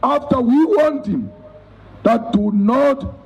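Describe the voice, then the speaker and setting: Guy giving a fiery rally speech, high gravelly voice, rhetorical, builds to shouting. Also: slow, muffled recording. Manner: rhetorical, repeats phrases, rising to shouts. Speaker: political leader addressing a march. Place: outdoor protest march.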